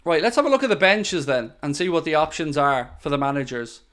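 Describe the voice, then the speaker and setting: A man's voice: on the high side, animated, brisk, a bit bright. A man hosting a live football watchalong, chatting casually, thanking viewers and giving tactical opinions. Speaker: football channel host.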